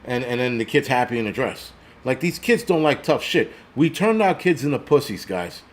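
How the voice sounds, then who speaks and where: A man's voice: medium pitch, big pitch swings, moderate pace. A man in his forties hosting a casual livestream, ranting bluntly and profanely and reading out viewer comments. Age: 40s. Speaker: host.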